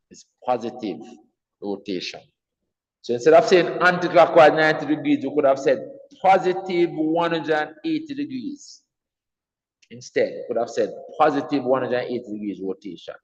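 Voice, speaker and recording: A man's voice: mid-range voice, a little mellow, long reverb tail, dull audio. A man teaching an exam revision math lesson, patiently repeating key points and checking in with his class.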